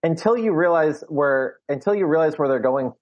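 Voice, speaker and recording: A man's voice: fairly high pitch, lively intonation, normal speed, darkish tone, lo-fi sound. A man co-hosting a podcast, talking through a film in casual chat with many restarts. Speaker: podcast co-host.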